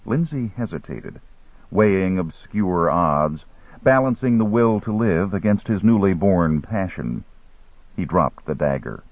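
A man narrates a novel in a measured, dramatic way, his low voice husky and ranging widely in pitch. The sound is dry and thin, as if heard over a phone line. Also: no room sound. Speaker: audiobook narrator.

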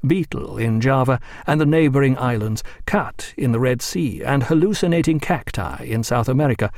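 A man reading a novel aloud as audiobook narrator, measured and even. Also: mid-range voice, no room sound, clean studio sound. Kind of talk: scripted narration.

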